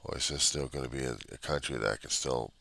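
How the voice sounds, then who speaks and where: A man's voice: rumbling low, fairly even intonation, fast, gravelly, pushed and bright, no echo. A man delivering an agitated, repetitive monologue in his apartment, full of rhetorical questions. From United States. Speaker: vlogger. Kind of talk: ranting monologue.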